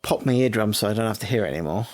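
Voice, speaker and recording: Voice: medium pitch, animated, racing, a little mellow. A co-host in casual podcast chat, sardonic and fond of silly asides. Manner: sardonic, breaks into silly singing.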